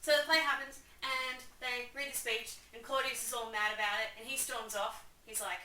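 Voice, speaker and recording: A woman's voice: on the high side, moderate pace, bright, forceful tone, roomy sound, distant mic, poor audio. A young woman hosting a video, giving an enthusiastic, sarcastic, chatty summary. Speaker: video host. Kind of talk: casual comedic summary.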